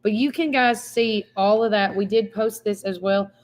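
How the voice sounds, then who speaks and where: A bubbly, excitable woman with a Southern accent, co-hosting a local live show. She chats freely and easily, like a seasoned radio voice. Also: mid-range voice, moderate pace. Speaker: co-host, former radio presenter. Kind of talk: casual chat.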